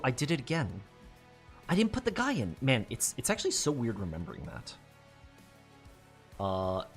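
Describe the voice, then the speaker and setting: A man narrating his own card game run in loose, casual commentary, his pitch leaping all over the place as he curses and laughs at his own blunders. His voice sits at an ordinary middle height, with faint game music playing underneath. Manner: frustrated, swears often, laughs at his own mistakes. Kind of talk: casual let's-play commentary.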